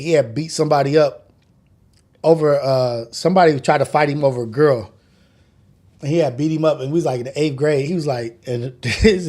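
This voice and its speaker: A man's voice: on the high side, dark tone. A man in his forties hosting a casual morning show from home, loose and joking, who swears often and laughs a lot. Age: 40s. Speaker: podcast host.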